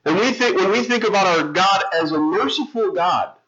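Conversational pastor, bright lo-fi sound. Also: male voice, high voice, expressive, normal speed. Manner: conversational, storytelling with self-interruptions and restarts. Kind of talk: sermon. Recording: dull lo-fi sound.

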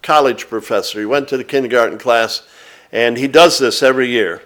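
A man preaching a sermon, reading scripture aloud and explaining it to his congregation in a slow, deliberate manner. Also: mid-range voice, a bit bright.

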